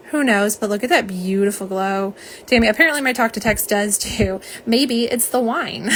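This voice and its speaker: A woman's voice: fairly high pitch, fairly bright tone, a little hiss or hum. A woman hosting a live nail polish swatch stream, chatting casually with viewers, greeting them by name and joking about herself. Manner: chatty, greets viewers, self-deprecating, says y'all.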